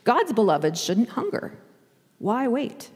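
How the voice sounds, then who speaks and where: A woman's voice: on the high side, big pitch swings, slow pace, darkish tone, slightly rough, big-room sound, heavily acted. A woman putting on a sly coaxing devil. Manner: wheedling, persuasive.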